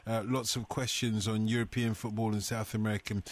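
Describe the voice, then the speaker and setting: A man hosting a live radio football phone-in, brisk and jokey, reading out texts and the phone number. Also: fairly low pitch, little pitch movement. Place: radio studio. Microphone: studio microphone.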